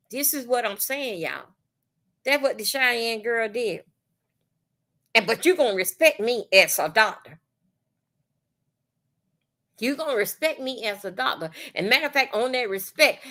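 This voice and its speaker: A woman hosting a casual livestream, talking bluntly and profanely in an animated, storytelling way. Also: on the high side. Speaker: livestream host. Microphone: phone or webcam on livestream.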